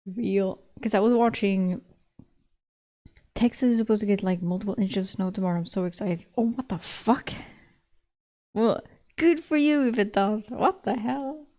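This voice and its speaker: A woman's voice: mid-range voice, normal speed, pauses often, warm tone. A young woman streamer chatting casually with her viewers, laughing often and swearing casually.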